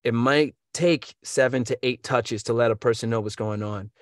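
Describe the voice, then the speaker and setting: Energetic coach from the US, mid-pitched man, dry close recording, tosses in playful sound effects. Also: normal speed, dry recording. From United States. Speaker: voiceover coach. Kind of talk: casual advice.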